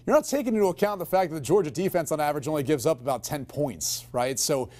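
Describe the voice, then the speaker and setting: Fast-talking man giving a wry sports rebuttal. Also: on the high side, lively intonation, a little mellow. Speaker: sports analyst. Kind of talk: studio sports debate.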